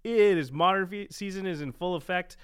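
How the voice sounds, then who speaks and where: A man's voice: high voice, a little fast, smooth. A man co-hosting a casual podcast, joking, laughing often and recommending things. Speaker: podcast co-host. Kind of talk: casual chat.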